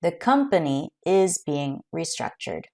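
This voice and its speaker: Woman explaining grammar in a lively voice. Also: low voice. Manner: clear, measured explaining with example sentences. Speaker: English teacher. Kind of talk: scripted grammar lesson.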